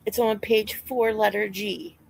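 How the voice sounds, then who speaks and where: A woman's voice: mid-range voice, fairly even intonation, measured pace, vocal fry, breathy edge. A woman guest on a livestream, chatting casually and hesitantly with many fillers. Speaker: stream guest. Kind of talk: casual chat.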